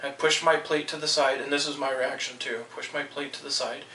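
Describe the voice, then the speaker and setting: A man's voice: fairly high pitch, steady tone, a little fast, few pauses, sharp tone, echoey room, far from the mic, a little hiss or hum, rough recording. A man venting in a heated, swearing rant about being let go from his job. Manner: heated, swearing, quotes people in raised voices. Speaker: vlogger. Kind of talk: angry personal rant.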